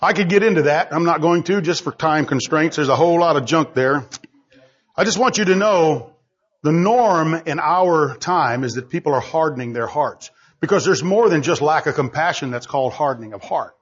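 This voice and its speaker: A male preacher giving an emphatic sermon full of rhetorical questions, swinging between loud and hushed delivery, on a dull lo-fi recording. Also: fairly high pitch, moderate pace, slightly rough.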